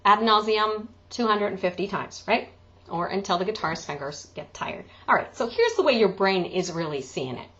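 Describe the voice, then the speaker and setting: A woman's voice: medium pitch, lively intonation, unhurried, a bit bright, highs cut off. A woman teaching an online singing lesson, chatty and joking, breaking into sung examples. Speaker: vocal coach.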